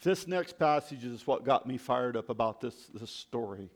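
A man's voice: medium pitch, lively intonation, normal speed. Man reflecting while reading scripture. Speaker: preacher.

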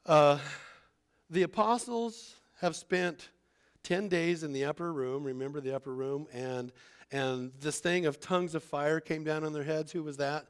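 A man's voice: a little high, steady tone, unhurried, clear, resonant tone. A man teaching a Bible lesson in an informal sermon style, talking conversationally and acting out the people he quotes. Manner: conversational, acts out quoted voices.

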